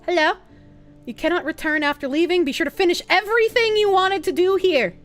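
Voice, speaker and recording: High-pitched, playful woman streamer. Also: a little fast, soft background music. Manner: playful, chatty, reacts to chat. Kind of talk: casual gameplay commentary.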